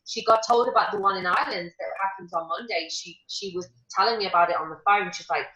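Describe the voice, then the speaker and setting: A woman guest telling stories in a casual chat, animated and talkative. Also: mid-range voice, fast, few pauses, roomy sound, low-quality recording.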